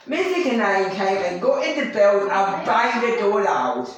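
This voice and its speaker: Someone else films this man on camera as he spins a rambling, animated tale about himself in the third person. His voice sits high and sing-song, moving at a moderate pace with hardly any pauses, captured from a distance in a very echoey room.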